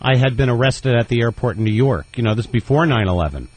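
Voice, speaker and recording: A man's voice: medium pitch, lively intonation, quick pace, darkish tone, slight background noise, poor audio. A man, a comedian guest, telling a rambling, self-deprecating story on a radio show and laughing at his own jokes. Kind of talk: casual radio interview storytelling.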